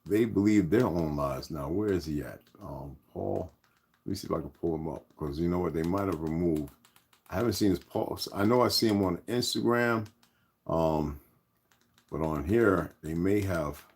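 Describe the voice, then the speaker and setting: Low-voiced man rambling to his viewers. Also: moderate pace, vocal fry, darkish tone, slightly rough. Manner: loose, rambling, talks to his viewers as "y'all". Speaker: channel host. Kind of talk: casual vlog talk to viewers.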